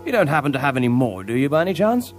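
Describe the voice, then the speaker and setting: A man acts out a lazy, wine-loving Victorian lord in an audiobook drama, jovial and drawling in a posh way. His voice sits a little high and moves in lively leaps, with quiet music beneath. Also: racing.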